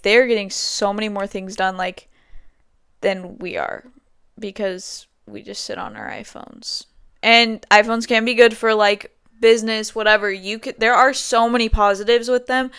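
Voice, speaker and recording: A woman's voice: medium pitch, fairly bright tone, clean tone, dry recording, studio quality. A young woman hosting her own podcast, chatting casually alone and rambling with lots of "like" and casual swearing. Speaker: podcast host. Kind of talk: casual solo podcast chat.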